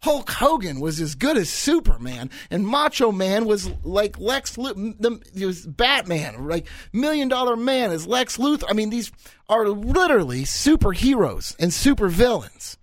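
A man in his thirties hosting a solo podcast, talking in an animated, rambling way and repeating his points for effect. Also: high-pitched, a little slow, dry recording. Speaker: podcast host.

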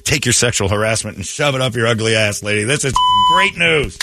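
A man's voice: lowish voice, fairly quick, creaky, very noisy. A man hosting a morning radio show, brash and mocking, full of crude comic banter. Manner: brash, mocking, slips into silly put-on voices. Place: radio studio.

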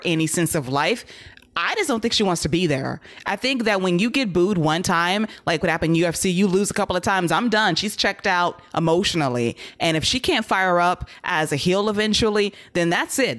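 Blunt, lower-voiced woman critic. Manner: blunt, critical, dry wit. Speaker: wrestling podcast panelist. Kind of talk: casual wrestling discussion.

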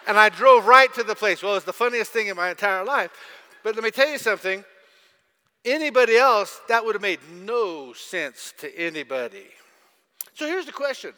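Casting: bright, sharp-voiced male pastor, storytelling sermon, echoey church hall. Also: high voice, lively intonation, normal speed. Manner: storytelling, asks audience questions.

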